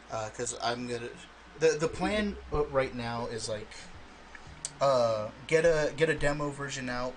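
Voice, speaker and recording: A man hosting a casual podcast, rambling in a relaxed way with many fillers. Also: medium pitch, slight background noise, poor audio. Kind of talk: casual chat.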